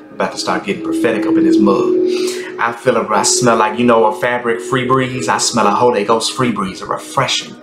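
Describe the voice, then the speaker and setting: A man giving a rambling, ecstatic spiritual monologue that sometimes drops into hushed whispers. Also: on the low side, fairly even intonation, a little fast. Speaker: Christian content creator. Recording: echoey room with music behind.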